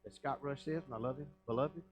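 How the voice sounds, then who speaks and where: A man's voice: mid-range voice, fast, noisy background. A middle-aged man, a pastor teaching a Bible study sermon and asking the congregation questions as he retells the story.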